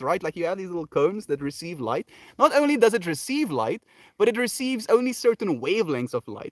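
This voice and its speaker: A man hosting a daily livestream, talking in a soft, meandering and reflective way, with many fillers and restarts. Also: a little high, dry recording, clean studio sound. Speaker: livestream host. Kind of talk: reflective spiritual livestream talk.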